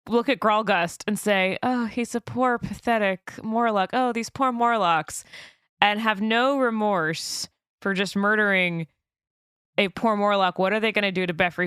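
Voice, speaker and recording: A woman playing a tabletop game, slowly and thoughtfully describing her character's actions. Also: mid-range voice, sharp tone, clear, resonant tone, dry recording, clean studio sound. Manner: slow, thoughtful, wry. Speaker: player.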